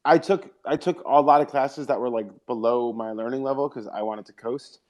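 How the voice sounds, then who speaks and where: A man's voice: mid-range voice, moderate pace, muffled recording. A man co-hosting a casual podcast chat, rambling and profane as he tells stories. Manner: rambling, profane, animated storytelling. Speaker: podcast co-host.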